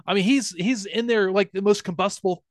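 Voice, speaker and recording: High-voiced man animatedly retelling a cartoon. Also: a little fast, dry recording, clean studio sound. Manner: animated storytelling, acts out quotes, laughs often. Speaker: podcast co-host. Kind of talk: casual chat recapping a cartoon episode.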